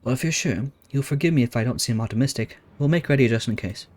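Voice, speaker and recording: A man voicing a gruff male military commander in a game, blunt and mocking. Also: mid-range voice, quick pace, darkish tone, faint music behind, natural voice. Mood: doubtful.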